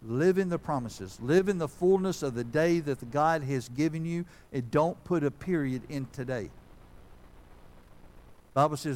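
A man's voice: fairly high pitch, moderate pace, darkish tone. A man, a pastor giving a folksy, conversational sermon that builds to fervent preaching.

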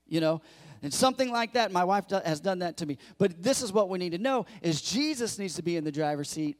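Guy preaching a sunday sermon, high voice, tells funny stories, acts out the lines. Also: fairly quick, in a large hall. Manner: storytelling, animated, acts out quotes. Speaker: pastor.

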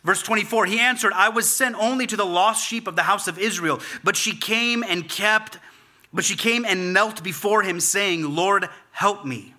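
A man's voice: sits high, normal speed, bright, forceful tone. A man preaching a sermon as pastor, repeating key words for emphasis as he builds each point. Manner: preaching with repetition and rising emphasis.

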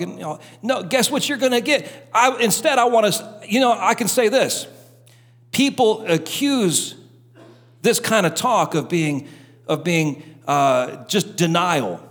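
A middle-aged man preaches a sermon with building fervor, slipping into short doubting voices to make his point. His voice sits high for a man, and a long hall reverb trails each phrase, as in a live church service. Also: fairly bright tone. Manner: fervent, preaching with rising intensity. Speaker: pastor.

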